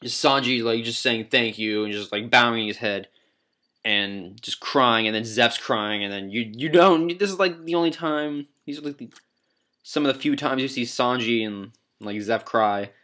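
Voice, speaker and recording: A man's voice: medium pitch, fairly even intonation, moderate pace, pushed and bright. A man talking through a countdown list in casual vlog style, rambling with lots of fillers and casual swearing. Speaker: anime vlogger ranking moments.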